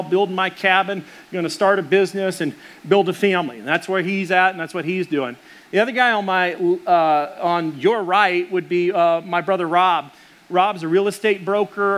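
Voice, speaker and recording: A man's voice: high voice, a bit bright. A middle-aged man preaching a sermon as pastor, telling stories in a casual way with many fillers.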